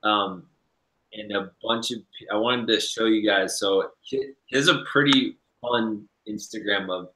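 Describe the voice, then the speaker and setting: A man hosting a live-streamed interview and reading questions from the chat, hesitant with many ums, often trailing off quietly. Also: on the low side, measured pace. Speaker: livestream host. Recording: echoey room.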